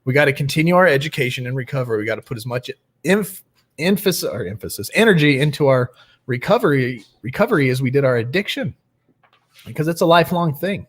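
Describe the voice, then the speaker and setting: A man's voice: mid-range voice, lively intonation, fast. A young man hosting a nightly recovery livestream, chatting casually and greeting viewers by name.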